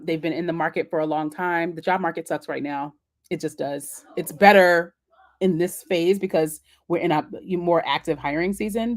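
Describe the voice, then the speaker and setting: Woman, deep-ish voice, casual live Q&A, chatty, encouraging, off-the-cuff. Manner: chatty, encouraging, answers comments on the fly. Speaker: host of a live Q&A.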